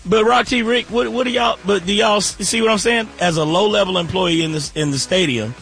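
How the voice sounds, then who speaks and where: A man's voice: high-pitched, a little fast, creaky, fairly bright tone, faint music behind. A man co-hosting a radio morning show, arguing his point persuasively and checking if others agree. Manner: reasoning, persuasive, asks for agreement. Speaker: radio co-host. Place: radio studio.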